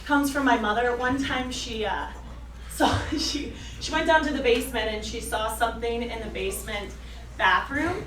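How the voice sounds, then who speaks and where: A woman performing a stand-up comedy set on a club stage, animated and self-mocking, breaking into loud yelled bits. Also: on the high side, moderate pace, a little hiss or hum. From suburban Detroit. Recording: roomy club sound from a distance with crowd. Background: audience laughing.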